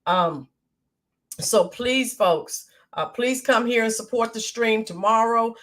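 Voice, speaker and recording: This is an American woman hosting a live stream, speaking in a slightly high voice. She chats casually and greets her viewers one by one with plenty of ums and uhs. Her voice is a little hoarse, worn from shouting the day before. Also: slow. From United States. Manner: greets viewers by name, chatty with filler ums. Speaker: livestream host.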